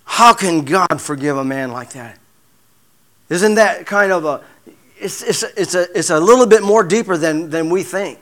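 A man preaching a sermon, halting often with repeated words and fillers, sometimes dropping to a hushed murmur. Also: high-pitched, lively intonation. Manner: drops to a hushed murmur in prayer.

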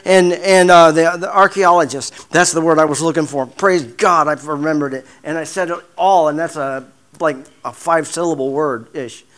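A man preaching a sermon, halting often with repeated words and fillers, sometimes dropping to a hushed murmur. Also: on the high side. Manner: drops to a hushed murmur in prayer.

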